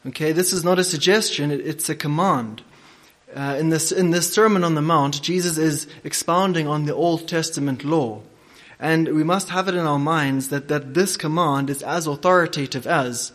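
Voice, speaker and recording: Male preacher, slightly high voice. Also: a bit bright. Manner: deliberate, with frequent filler hesitations. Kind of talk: sermon.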